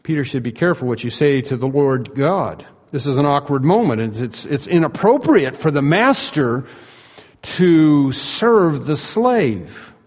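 A man's voice: mid-range voice, expressive, moderate pace, few pauses, darkish tone, slightly rough, big-room sound. A male pastor preaching a sermon in an earnest, emphatic way, asking his listeners rhetorical questions.

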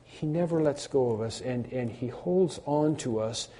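A man's voice: mid-range voice, a little slow, warm tone. A man preaching a sermon as a pastor, earnest and repeating phrases for emphasis.

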